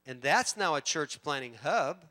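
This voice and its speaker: A man preaching a sermon, swinging from loud emphatic bursts to hushed storytelling. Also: a little high, lively intonation, moderate pace. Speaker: pastor.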